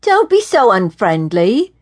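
Female narrator doing a young Welsh lad: cheeky, whiny, sing-song, pitched up and loud. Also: a little slow. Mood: cheeky, pushy.

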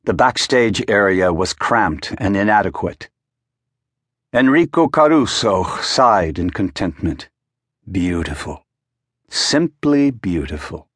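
Low-voiced male audiobook narrator. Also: expressive, unhurried, a bit bright, no room sound, studio quality. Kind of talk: scripted narration. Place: recording studio.

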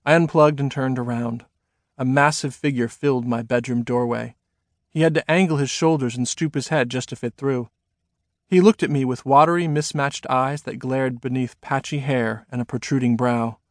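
A man reading his own novel aloud as a first-person audiobook narration, measured and expressive. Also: medium pitch, dry recording, studio quality.

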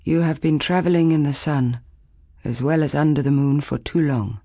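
A woman voicing a stern, commanding old village woman who speaks firmly and calmly. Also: sits low, moderate pace, no echo, studio quality. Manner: firm, commanding.

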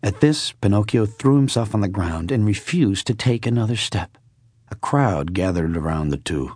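A man narrating a classic children's story in a measured, expressive way. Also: on the low side, slightly rough, no room sound, studio quality. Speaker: audiobook narrator.

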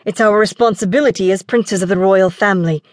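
A woman voicing a cautious, responsible boy prince who looks out for his younger brother and talks in a steady, reasoning way. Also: medium pitch, a little fast, no echo, clean studio sound, natural voice.

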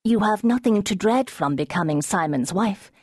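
A woman's voice: lowish voice, lively intonation, moderate pace, a little mellow, no room sound. A woman narrator voicing an earnest young woman who senses the truth in others, her voice lifted and urgent, at times dry, in a storybook reading.

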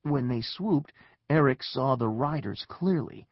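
Male narrator, children's storybook, expressive, lively intonation, dry studio sound. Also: mid-range voice, a little slow, no echo, muffled recording. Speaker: audiobook narrator.

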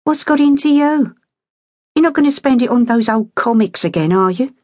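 A brisk, no-nonsense mother, hardworking and fiercely proud, as a woman narrator plays her. Her voice sits higher and louder than the narration, firm and quick to scold. It is read close and dry. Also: expressive, no echo. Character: hardworking, proud, stern working-class mother.

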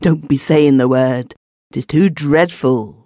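A man voicing Butters, a quiet, shaken juror. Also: mid-range voice, no room sound, clean studio sound, lightly acted. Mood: anxious. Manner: quiet, slow, trembling. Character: shaken, guilt-ridden older juror Butters. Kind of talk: audiobook character voice.

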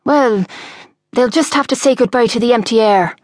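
A man's voice: very high voice, moderate pace, no room sound, studio quality, voice pushed up. A woman voicing a charming, bossy, hard-drinking father with a Dublin accent, in a storybook reading. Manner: bossy, blustering.

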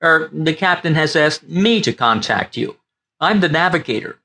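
A man's voice: fairly high pitch, lively intonation, moderate pace, pushed and bright, voice pushed up, full character voice. A man voicing a nervous ship navigator in an audiobook, anxious and pleading. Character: nervous male ship navigator near tears.

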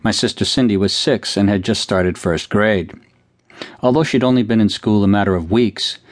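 A man's voice: fairly low pitch, no room sound. A man, the author himself, narrating a childhood memory as an audiobook with dry, wry storytelling. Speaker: author narrating his own book.

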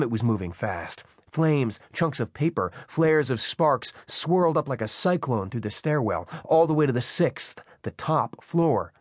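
A man's voice: medium pitch, no echo. A man reading a thriller audiobook with tense, dramatic narration, on a close studio microphone. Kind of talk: scripted narration. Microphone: close studio mic.

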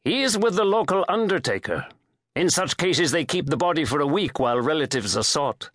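A man's voice: on the high side, big pitch swings, a little fast, a bit bright, dry recording, studio quality, pitched above the performer's own voice. Man doing a deferential hotel clerk, raised voice. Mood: polite. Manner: polite, deferential, calls the guest "senor". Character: watchful, obliging male hotel clerk. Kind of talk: audiobook character voice.

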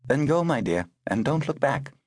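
A man's voice: medium pitch, big pitch swings, normal speed, no echo, clean studio sound, voice pushed up. A man reading the lines of a poised, wry older upper-class woman in an audiobook.

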